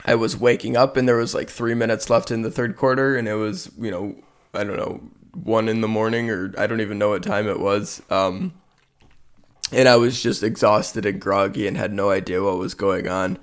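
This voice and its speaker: A man's voice: lowish voice, fairly even intonation, moderate pace, clean tone. A man hosting a sports podcast alone, talking casually with lots of fillers and a tired, yawning, self-deprecating ramble. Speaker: podcast host.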